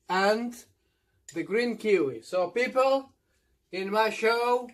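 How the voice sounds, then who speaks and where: A man's voice: high voice, lively intonation, fairly bright tone. A man from Madeira with a Portuguese accent, hosting a casual eating video, switching between Portuguese and English and often checking in with viewers. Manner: drawn-out "mm" sounds while eating. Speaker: mukbang host.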